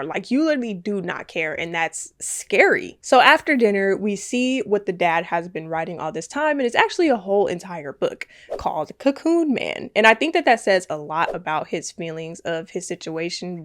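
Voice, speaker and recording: A woman in her twenties giving a chatty, animated film recap, full of asides and "like.". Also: medium pitch. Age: 20s. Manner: animated, chatty retelling with lots of "like". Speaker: movie recap YouTuber. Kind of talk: casual movie recap.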